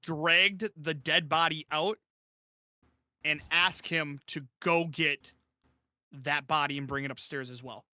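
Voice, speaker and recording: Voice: mid-range voice, steady tone, a little slow, pushed and bright, dry recording. A player in a tabletop game, speaking casually with a joking manner.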